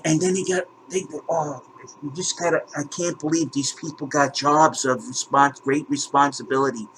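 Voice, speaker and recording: A man's voice: a little high, fairly bright tone, a little hiss or hum, low-quality recording. A man hosting a channel, ranting with indignation and exasperation, swearing and repeating words as he walks viewers through his screen. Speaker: crypto channel host.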